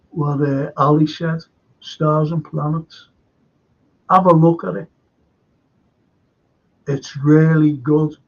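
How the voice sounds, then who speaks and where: A man with a Scouse accent and a slightly high voice hosts a live stream on a muffled recording. He chats in a meandering way, interrupts himself, and reads out viewer comments.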